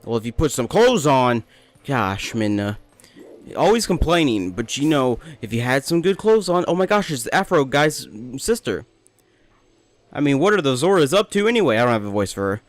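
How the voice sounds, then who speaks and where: A man's voice: medium pitch, big pitch swings, moderate pace, no room sound. Rambling young man playing a game. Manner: rambling, joking, talks to the game. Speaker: let's play host. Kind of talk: casual gameplay commentary.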